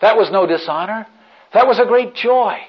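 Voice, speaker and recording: A man preaching a sermon as dramatic storytelling, dropping to a hush and then rising to loud outbursts. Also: high-pitched, moderate pace, husky. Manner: dramatic storytelling, swings from hushed to shouting. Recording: dull lo-fi recording.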